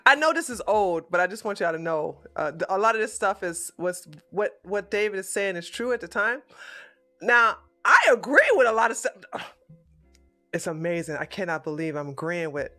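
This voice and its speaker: A woman's voice: on the low side, normal speed, pushed and bright, faint music behind. A woman streamer giving blunt, casual commentary on a political clip, swearing freely and talking animatedly.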